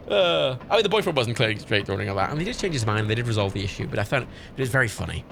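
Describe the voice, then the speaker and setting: A man's voice: mid-range voice, vocal fry, a bit bright, a little hiss or hum. A young man streaming a game, rambling through stories and swearing freely in casual chat. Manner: rambling, swearing, laughing storyteller. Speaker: livestream gamer.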